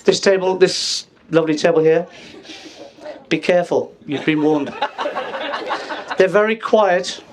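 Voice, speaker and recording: Crowd noise surrounds a man in his fifties whose voice sits high as he delivers a joking father-of-the-bride speech at the reception. He teases guests and stops for laughs.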